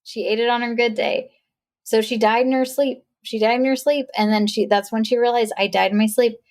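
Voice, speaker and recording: Animated higher-voiced woman recapping a film. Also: fairly quick. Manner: animated storytelling, acts out quotes in playful voices. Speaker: podcast co-host. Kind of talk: casual chat recapping a film.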